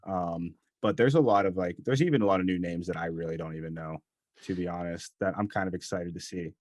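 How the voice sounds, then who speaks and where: A man co-hosting a podcast in casual sports chat, easygoing and agreeable, often trailing off softly. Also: sits low, fairly quick, dry recording, clean studio sound. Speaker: podcast co-host. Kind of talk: casual chat about wrestling.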